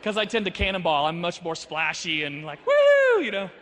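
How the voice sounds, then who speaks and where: An animated male speaker who tells stories in a rapid, high-pitched voice and acts out every exchange. The sound carries the long echo of a large hall. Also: background noise. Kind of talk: storytelling sermon.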